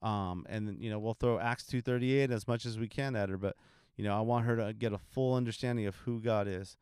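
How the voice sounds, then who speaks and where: A young man from California who serves in a church ministry, telling a testimony in a relaxed, rambling way with many ums. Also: fairly low pitch, brisk, clean tone, no room sound, clean studio sound. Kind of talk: casual testimony talk.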